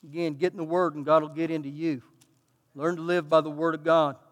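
High-voiced Texan pastor in a big reverberant hall. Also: male voice, brisk. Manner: animated, folksy and self-mocking. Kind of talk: storytelling sermon. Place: church sanctuary.

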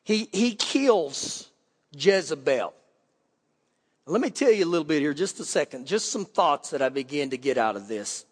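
A high-pitched man preaches a sermon, his voice ringing with a long hall reverb. He reads scripture and then drives his point home with sudden emphatic lifts in pitch. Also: very animated, moderate pace, husky. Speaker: pastor.

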